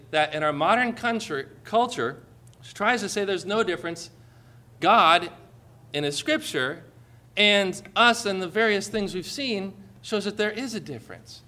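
A man's voice: a little high, sharp tone. A man preaching a sermon to a congregation in a church, joking and calling for amens. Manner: jokey, calls for amens from the congregation. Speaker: pastor.

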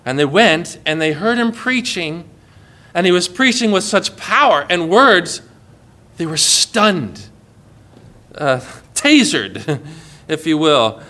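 A man's voice: on the high side, slow. A man preaching a sermon in a conversational way, acting out quoted lines and adding light asides. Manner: expressive, acts out quoted lines with shifts in volume and pace.

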